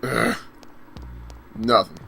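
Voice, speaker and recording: A man's voice: fairly low pitch, drawn-out words, creaky, pushed and bright, soft background music. A man commenting on a video game, reading the dialogue aloud with sarcastic, bored asides. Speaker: let's play commentator. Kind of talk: casual gameplay commentary.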